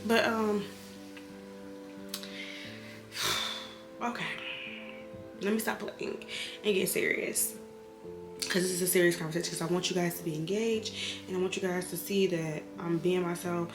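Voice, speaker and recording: A woman's voice: fairly low pitch, moderate pace, pauses often, roomy sound, music in the background. A woman, a bit tipsy, talking candidly and emotionally in a personal vlog about hard times, rambling and sometimes getting heated. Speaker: vlogger, single mother.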